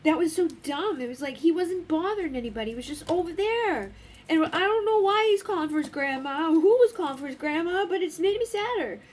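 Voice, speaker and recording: High-voiced woman, blunt and rambling. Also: expressive, a little fast, a little mellow. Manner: rambling, blunt, swears freely. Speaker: spiritual card reader. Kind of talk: casual oracle card reading.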